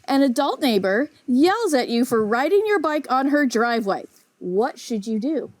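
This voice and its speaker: A woman teaching a children's Bible lesson, animated and often asking the kids questions. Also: high voice, normal speed, no room sound.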